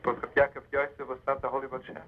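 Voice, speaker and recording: A man's voice: mid-range voice, completely flat delivery, very fast, narrow, tinny audio, soft background music. A man telling a Hasidic tale on the radio, addressing listeners as friends with chuckles and emphasis. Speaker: storyteller. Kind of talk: spoken storytelling on radio.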